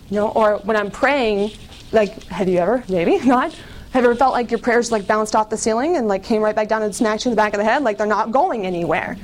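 A woman's voice: mid-range voice, a little hiss or hum, rough recording. A young woman from the United States giving a candid personal testimony to an audience, chatty and full of fillers.

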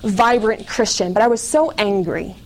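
A woman's voice: mid-range voice, moderate pace, poor audio. A young woman from the United States giving a candid personal testimony to an audience, chatty and full of fillers.

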